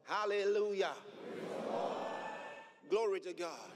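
A man preaching a sermon, emphatic and repetitive, reading scripture aloud and building to shouts. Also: high-pitched, slow pace, big-room sound, background noise. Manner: emphatic, repeats key phrases and builds to shouts; reads scripture aloud in old-fashioned wording.

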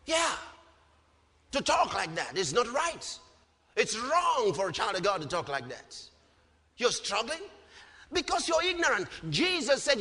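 A man preaching with a very high, bright voice that swings widely in pitch. He speaks slowly and emphatically, climbing into shouts and then sinking low on his refrains. The sound rings out with a long hall reverb. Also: sing-song, breathy edge. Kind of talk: sermon.

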